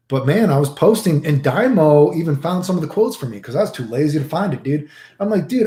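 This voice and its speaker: A man chats to his stream audience in a loose, rambling way, full of swearing and filler words as he acts out his own stories. His tone is dark and mellow. The sound is roomy and echoey. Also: medium pitch. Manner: profane, rambling, animated retelling with many filler dudes. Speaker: streamer answering chat questions. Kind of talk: casual storytelling to chat.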